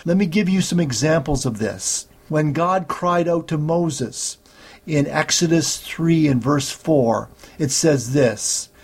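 A man preaching a sermon, teaching slowly and steadily through Bible passages. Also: a little high, lively intonation, a little mellow, breathy edge. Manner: slow, measured Bible teaching with scripture readings.

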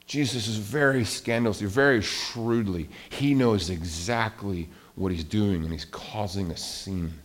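A man preaching a sermon in a conversational, animated way, swinging between soft and loud. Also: fairly low pitch, a little slow, few pauses. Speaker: pastor.

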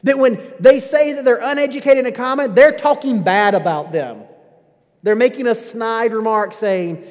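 A man preaching a sermon, emphatic and full of rhetorical questions, often dropping low at the ends of phrases. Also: normal speed. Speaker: pastor. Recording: long hall reverb.

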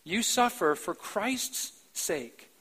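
A high-pitched male pastor delivers a live-streamed church sermon. He drops to slow, quiet stretches, then bursts out loud and emphatic on his key points. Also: expressive, husky, low-quality recording. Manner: emphatic preaching with sudden loud outbursts and soft, slow stretches.

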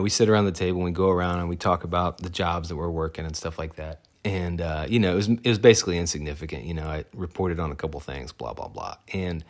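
Low-voiced man telling a wry story. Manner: rambling, many fillers and self-corrections; wry, laughs at his own story. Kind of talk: casual personal storytelling.

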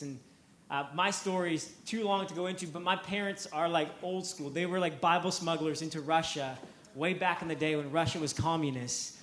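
A man's voice: on the high side, a bit bright, reverberant, slight background noise. A man preaching a sermon, telling a story with energy, repeating words and acting out the quotes.

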